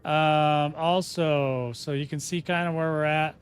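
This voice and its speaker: A game streamer with a fairly high, steady, smooth voice chats casually on his livestream at an unhurried pace. He rambles and often breaks off mid-sentence.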